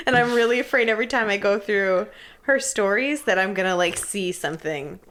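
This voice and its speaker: A woman's voice: medium pitch, moderate pace, fairly bright tone. A woman with a mid-range voice co-hosts a podcast in easygoing chat. She giggles often and rambles through long explanations. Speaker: podcast co-host. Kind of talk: casual chat.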